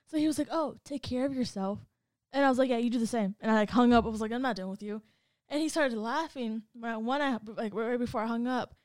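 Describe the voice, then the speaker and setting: Animated woman telling a story. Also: on the high side, fast talker, dry recording, clean studio sound. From Hispanic background. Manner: animated, acts out quoted dialogue. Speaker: podcast co-host. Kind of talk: casual chat, storytelling.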